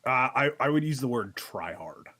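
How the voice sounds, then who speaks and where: A man's voice: medium pitch, big pitch swings, normal speed, pushed and bright, slightly rough, no room sound. Guy cohosting a laid back podcast, wry teasing, mid voice. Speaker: podcast co-host. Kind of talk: casual chat.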